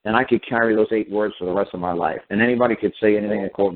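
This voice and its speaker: A middle-aged man with a low voice hosts a casual radio talk show, speaking bluntly and circling back over his own points. His voice reaches the listener through a thin, tinny phone-line sound. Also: quick pace, hardly any pauses. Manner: blunt storytelling with frequent repetition and restarts.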